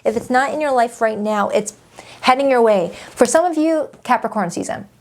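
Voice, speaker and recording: A woman's voice: a little high, normal speed, a little mellow. A woman doing a casual tarot reading, chatty and emphatic, often repeating her phrases. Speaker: tarot reader.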